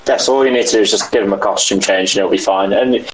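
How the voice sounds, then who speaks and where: A British man co-hosting a wrestling podcast in casual chat, enthusiastic and quick to laugh. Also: fairly low pitch, reverberant, rough recording. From United Kingdom. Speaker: podcast co-host.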